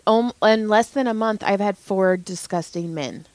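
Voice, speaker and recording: A woman's voice: mid-range voice, moderate pace, no room sound. A young woman co-hosting a podcast, venting anecdotes in casual, profane chat. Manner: profane, animated storytelling. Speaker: podcast co-host, massage therapist.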